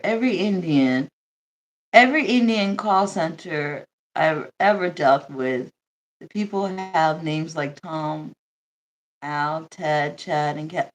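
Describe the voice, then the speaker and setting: A young woman from the United States hosting a casual livestream chat, blunt and joking, laughing often and swearing freely. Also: deep voice. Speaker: livestream host.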